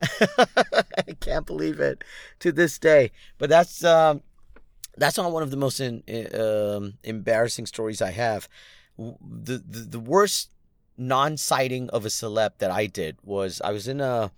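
A man's voice: mid-range voice, unhurried, vocal fry, no room sound, clean studio sound. A man casually telling a rambling, self-deprecating story to his viewers, full of restarts and fillers. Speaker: comedy night producer and content creator.

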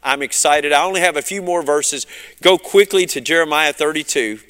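A man's voice: a little high, moderate pace, clean tone, in a large hall. Fervent Southern preacher man. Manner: fervent preaching, surging and dropping in loudness. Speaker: pastor. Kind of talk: sermon.

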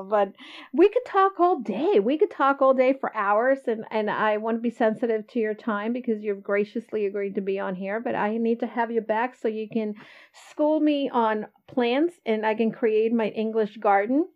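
A woman's voice: on the high side, moderate pace, muffled recording. A woman podcast host in casual interview chat, chatty and effusive. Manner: chatty, effusive, laughs easily.

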